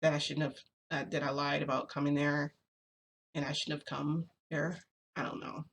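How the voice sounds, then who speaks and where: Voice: medium pitch, level tone, moderate pace, gravelly, a bit bright, husky. A vlogger talking casually to viewers, rambling and confessional, with many fillers and restarts. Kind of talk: casual vlog chat, venting.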